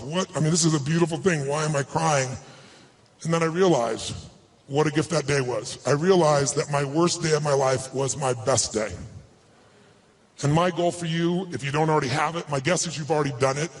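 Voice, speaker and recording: A man giving a live motivational talk to an audience, telling a personal story in an emphatic, earnest way. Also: a little high. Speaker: motivational speaker.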